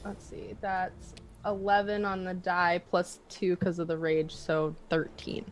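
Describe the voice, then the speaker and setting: Slow-talking woman player. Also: fairly low pitch, steady tone, faint music behind. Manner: hesitant, lots of likes. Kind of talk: tabletop role-play.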